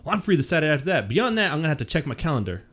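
A man's voice: on the high side, sing-song, rapid-fire, fairly bright tone, pitched above the performer's own voice. A man reading the part of a sarcastic, defiant teenage delinquent in an amateur table read, with a mocking drawl.

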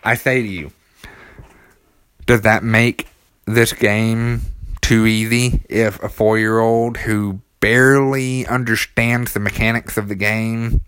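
A man's voice: lowish voice, steady tone, slow pace, fairly bright tone, clear, resonant tone, dry recording. A man with a small child, talking casually about a video game, with lots of ums and restarts. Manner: rambling, many ums and restarts, enthusiastic. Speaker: gaming commentator.

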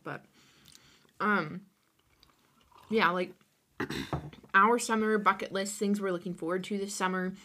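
An easygoing teenage girl co-hosting a podcast, speaking at a middle pitch. She chats casually, goes along agreeably and drops the odd wry aside. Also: measured pace, pauses often, sharp tone. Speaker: podcast co-host. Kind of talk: casual chat.

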